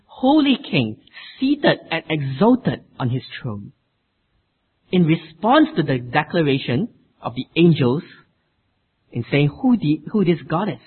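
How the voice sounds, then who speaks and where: Husky male preacher, tinny phone-like sound. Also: on the high side. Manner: expressive, emphatic delivery with dramatic rises. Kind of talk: sermon.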